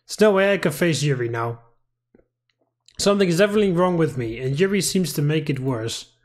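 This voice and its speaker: A man's voice: on the high side, expressive, brisk. A young man playing a visual novel, casually commenting and reading the game text aloud, getting exasperated and swearing at the story's choices. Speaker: let's play gamer.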